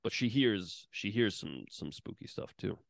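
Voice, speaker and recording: A man's voice: on the low side, lively intonation, normal speed, gravelly. A man co-hosting a podcast, recapping a movie in a laid-back, profane way and acting out lines. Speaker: podcast co-host. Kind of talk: casual movie-recap chat.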